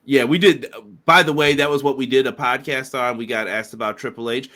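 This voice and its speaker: A man co-hosting a casual wrestling podcast, talking in a loose, chatty way. His voice is bright and forward. He keeps stopping to read out comments from listeners. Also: mid-range voice, steady tone, brisk. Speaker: podcast co-host.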